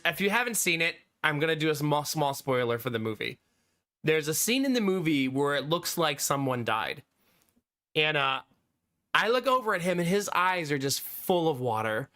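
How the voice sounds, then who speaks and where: A man's voice: on the high side, pushed and bright. A man in his thirties chatting casually on a live stream, laughing often and answering chat.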